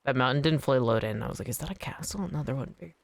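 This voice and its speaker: Chatty low-voiced woman streaming a game. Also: expressive, fast, gravelly, no echo. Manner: chatty, rambling, swears casually. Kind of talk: casual gaming stream chat. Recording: faint background music.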